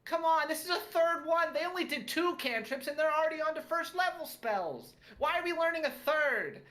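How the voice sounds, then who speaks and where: A man's voice: very high voice, lively intonation, moderate pace, sharp tone, pitched above the performer's own voice, exaggerated voice. A man voicing a whiny, pleading young male halfling student in a fantasy tabletop game. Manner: pleading, complaining.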